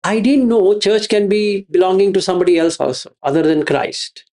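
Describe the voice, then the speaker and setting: A man's voice: high voice, normal speed, a little mellow. A man giving a Buddhist teaching, repeating his phrases and asking rhetorical questions. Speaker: meditation teacher.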